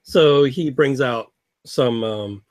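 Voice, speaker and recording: A man's voice: mid-range voice, slow pace, no echo. Casual man running a tabletop game. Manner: loose, casual, repeats words. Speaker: game master.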